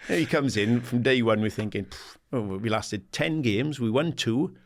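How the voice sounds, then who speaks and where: A man in his sixties from England, a guest in an interview, telling animated stories and acting out the dialogue. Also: medium pitch, moderate pace, slight background noise. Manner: animated anecdotes, acts out quoted dialogue, laughs often; swears casually, says "mate". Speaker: guest, former footballer and assistant manager. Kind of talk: casual storytelling interview.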